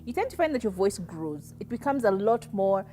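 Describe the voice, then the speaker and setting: A woman from Kenya co-hosting a casual podcast chat, animated, often acting out other people's voices and laughing. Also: medium pitch, fairly quick, slight background noise. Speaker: podcast co-host.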